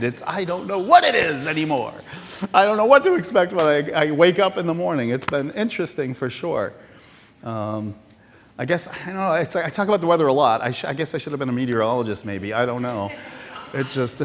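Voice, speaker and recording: A male pastor giving a casual, self-deprecating sermon with many pauses and restarts. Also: mid-range voice, a bit bright, slight background noise. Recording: reverberant church hall.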